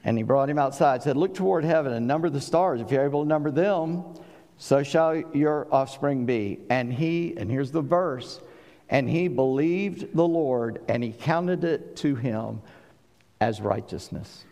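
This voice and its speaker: A man from South Carolina with a Southern accent, preaching a sermon and swinging between booming and hushed delivery. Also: unhurried, long reverb tail. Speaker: pastor.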